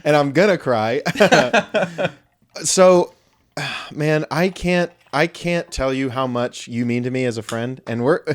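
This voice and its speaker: A man's voice: mid-range voice, takes it slowly. Young male co-host, casual banter, joking, teasing, mid-range voice. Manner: joking, teasing, laughing, goofy put-on voices. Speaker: podcast co-host. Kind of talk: casual chat.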